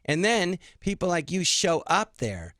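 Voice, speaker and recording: A man's voice: sits high, sing-song, a little slow, a bit bright, dry recording. Guy comedian ranting on a radio show, acts out both sides, dry close mic. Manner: indignant, rambling, acts out quoted exchanges. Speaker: guest comedian. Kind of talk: animated storytelling in a studio interview. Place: radio studio.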